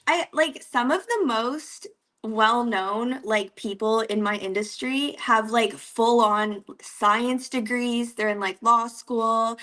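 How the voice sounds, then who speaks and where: A woman's voice: fairly high pitch, bright, forceful tone. A young woman from Canada with an East Coast accent, chatting casually as an interview guest, giggling often and using many "like" fillers.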